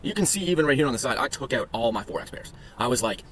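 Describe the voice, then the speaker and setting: A man rattles through his trading charts at a quick clip, cracking crude jokes and swearing freely. His voice sits at an ordinary middle pitch, with a faint hiss in the background. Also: lively intonation, fairly bright tone. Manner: crude joking, profane, rambling asides. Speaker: day trading vlogger. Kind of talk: casual screen-share commentary.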